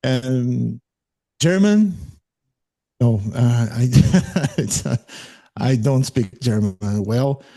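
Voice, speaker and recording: A man's voice: mid-range voice, extremely slow, gravelly, long pauses, mellow. A man from Brazil with a Brazilian Portuguese accent, a guest chatting casually and thoughtfully, often searching for words. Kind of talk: casual interview chat.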